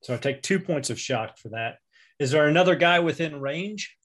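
A man playing a tabletop role-playing game thinks aloud while describing his character's actions and rolls. His voice is on the high side, animated and a bit bright, at a moderate pace, and as a player he's chatty, full of fillers.

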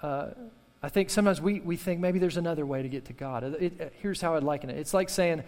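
Man, pastor, sermon, passionate, repetitive emphasis, higher voice, big hall reverb. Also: fast talker, darkish tone. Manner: impassioned preaching with repetition and call-and-response.

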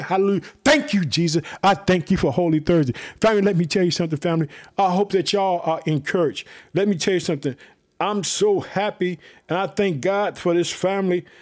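An excited man from Chicago preaching a devotional message on his podcast, with an exuberant manner and constant "let me tell you something.". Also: a little high. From United States.

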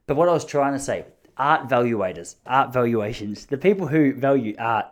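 A young Australian man chatting casually on his own, rambling and swearing, laughing easily, with his pitch jumping when he is amused. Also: expressive, normal speed. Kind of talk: casual monologue.

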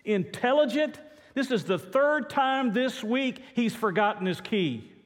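Fed-up dog owner scoffing in a high voice, as a preacher puts him on, hall echo. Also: male voice, animated, unhurried. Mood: incredulous. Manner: incredulous, scoffing. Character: exasperated grumpy dog owner. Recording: echoey hall reverb.

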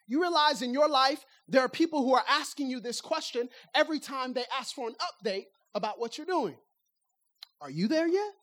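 High-voiced woman preaching a lively sermon. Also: fairly quick, few pauses. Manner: lively, conversational, rhetorical questions to the audience; acts out everyday speech to make points.

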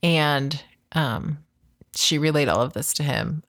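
A woman co-hosting a podcast, telling a story in casual chat, animated and laughing, acting out the voices she quotes. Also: deep voice, measured pace. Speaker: podcast co-host.

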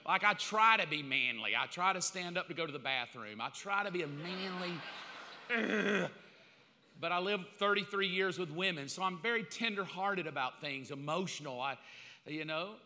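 A man preaching a sermon with comic asides, bursting into loud acted-out calls now and then. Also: sits high, moderate pace. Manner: comic, animated, acts out quotes in loud bursts. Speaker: pastor. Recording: long hall reverb.

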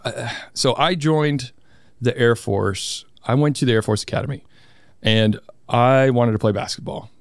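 A man's voice: mid-range voice, measured pace, dry recording, clean studio sound. A man in his thirties talking casually as a podcast guest, chatty and a little nervous, poking fun at himself. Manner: nervous, chatty, self-deprecating. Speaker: guest, squadron commander.

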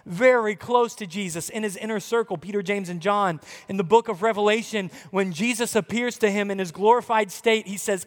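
A pastor preaching a sermon in a conversational way, shifting between hushed and loud passages. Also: male voice, sits high, a little fast, few pauses. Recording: long hall reverb.

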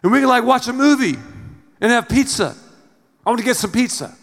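A man's voice: very high-pitched, lively intonation, brisk, creaky, a bit bright, full character voice. A male pastor voicing his young son, who pleads and wheedles to get pizza. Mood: eager pleading. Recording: long reverb of a large hall.

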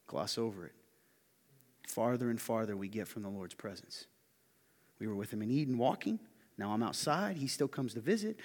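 Guy pastor preaching, lively, tosses questions at the room, echoey hall. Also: medium pitch. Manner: animated, asks the audience questions. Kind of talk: sermon.

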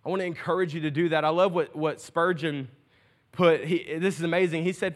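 A young man, a student pastor preaching a sermon with a comic story, animated, laughing often and shouting at the peaks. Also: fairly high pitch, brisk.

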